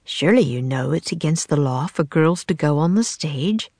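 A woman's voice: sits low, lively intonation, normal speed, mellow, dry recording. Woman reading a courtly old-fashioned playwright. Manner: courtly, archaic phrasing. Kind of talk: storybook reading.

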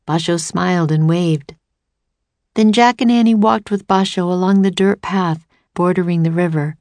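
A woman narrating a storybook aloud in a steady, clear way. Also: fairly low pitch, dry recording.

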